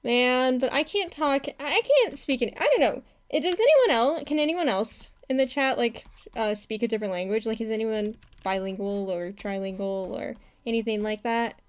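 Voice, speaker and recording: A woman's voice: on the high side, lively intonation, normal speed, hardly any pauses. Giggly, rambling woman streamer. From not from Texas. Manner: rambling, giggly, laughs often, many restarts. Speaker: animator streaming her work. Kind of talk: casual live-stream chat while working.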